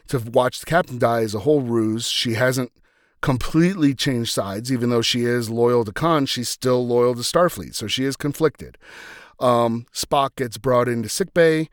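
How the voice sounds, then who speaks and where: A man hosting a podcast talks through a TV episode in a loose, rambling way, full of "uh" and "you know". His voice sits at an ordinary middle pitch. The recording is close and dry, with no room sound. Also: no room sound. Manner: rambling, filler-heavy, conversational. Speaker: podcast host. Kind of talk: casual retelling of a TV episode.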